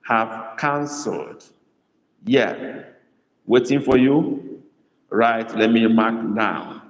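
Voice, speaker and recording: Male language tutor in a live class, unhurried and repetitive, echoey room with a long reverb. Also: medium pitch. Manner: slow, repeats phrases, coaxes students. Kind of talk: live online lesson.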